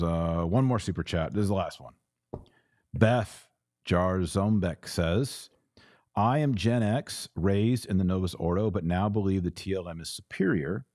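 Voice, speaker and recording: A man's voice: sits low, darkish tone, no room sound, studio quality. A man hosting a livestream, reading viewer comments aloud and answering them in an earnest, emphatic way that often repeats phrases. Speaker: host reading super chats.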